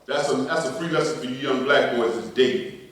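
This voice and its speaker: A middle-aged pastor preaching a sermon, swinging between loud emphasis and quiet asides. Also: male voice, mid-range voice, brisk. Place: church sanctuary. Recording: echoey church, voice from a distance.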